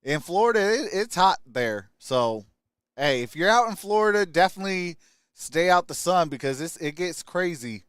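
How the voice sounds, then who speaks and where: A man hosting a live stream, chatting casually and greeting viewers by name in an upbeat way. His voice sits high for a man and sounds smooth and clear. The sound is close and dry, with no room around it. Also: lively intonation, normal speed, a bit bright, no room sound. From Michigan. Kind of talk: casual live-stream chat reading comments.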